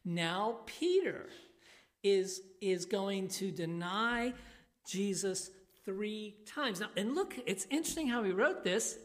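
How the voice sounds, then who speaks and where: Slow, emphatic woman preaching a sermon. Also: mid-range voice. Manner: slow, emphatic, animated when quoting. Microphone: handheld microphone.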